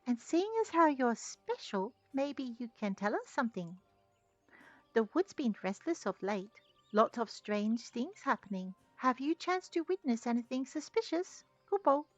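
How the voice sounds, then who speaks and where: A woman voicing a small, cheerful forest creature from a video game in a squeaky, high voice, reading its lines aloud while she plays. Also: big pitch swings, measured pace, no room sound, highs cut off, soft background music. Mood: curious. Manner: chirpy, ends lines with a cute verbal tic.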